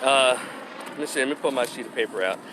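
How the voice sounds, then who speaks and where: A man's voice: mid-range voice, fast, noisy background. A man ranting into the camera with his opinions, blunt, profane and mocking. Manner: blunt, profane and mocking, mimics people in exaggerated voices. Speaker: commentary vlogger.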